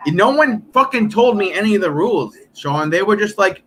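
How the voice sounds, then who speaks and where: Man, 30s, streamer. Bright, high-ish voice, faint noise behind, profane and animated storytelling. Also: fairly quick, few pauses, poor audio. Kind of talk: casual live-stream chat.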